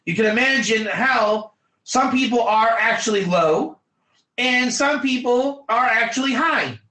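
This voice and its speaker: Animated rabbi with a high bright voice. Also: male voice, a little slow, echoey room, rough recording. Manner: animated, acts out little scenes, asks students to type answers. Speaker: rabbi teaching an online class. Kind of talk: lively online Torah class.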